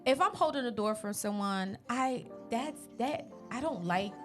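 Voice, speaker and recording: A woman co-hosting a casual podcast, relaxed and encouraging, often agreeing as she talks things through. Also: a little high, a little slow, faint music behind. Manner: relaxed, supportive listener with frequent affirmations. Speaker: podcast co-host.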